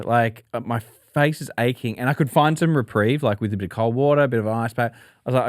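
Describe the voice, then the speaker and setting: Animated man telling a story. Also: moderate pace, no room sound, clean studio sound. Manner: animated, jumps into high-pitched voices for quoted people. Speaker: podcast co-host. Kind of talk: casual storytelling chat.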